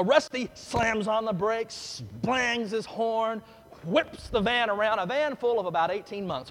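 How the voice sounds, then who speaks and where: A male pastor delivering a sermon in a fairly high voice, dropping to a hush for earnest points and rising loudly when a story heats up. His voice rings with a long reverb tail from a large church. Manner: storytelling with big swings from hushed to loud.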